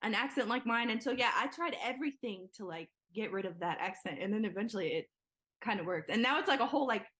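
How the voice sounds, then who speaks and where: A woman's voice: mid-range voice, animated, fairly bright tone. A young woman guest in an interview, talking casually with lots of "like" and "yeah" fillers. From Nigeria. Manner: chatty, quick, many "like" and "yeah" fillers. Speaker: guest, filmmaker.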